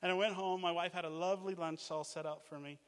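A man's voice: high-pitched, fast talker, smooth. Man preaching a testimony in a reverberant hall. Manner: animated storytelling with laughs and exclamations. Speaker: missions base director.

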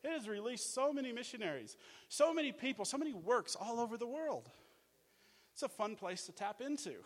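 A man from Australia preaching a sermon, energetic and jokey, telling stories and acting out what people said. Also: extremely high pitch, a little fast, big-room sound. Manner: energetic, animated, jokey, acts out quotes. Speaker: guest preacher, mission leader. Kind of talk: sermon with storytelling. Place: church.

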